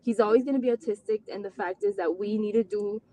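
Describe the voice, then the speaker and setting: A woman's voice: mid-range voice, fast, mellow, a little hiss or hum. A woman telling a personal story as a guest mother, chatty and earnest, acting out quoted dialogue with many fillers and restarts. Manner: earnest, close to tears at times. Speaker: autism mom guest. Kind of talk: personal story, casual talk.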